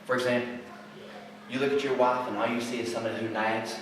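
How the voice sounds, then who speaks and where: A man's voice: medium pitch, little pitch movement, fast, background noise. A man preaching a sermon, emphatic and fond of repeating rhetorical questions. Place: church sanctuary. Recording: very echoey hall, mic far off.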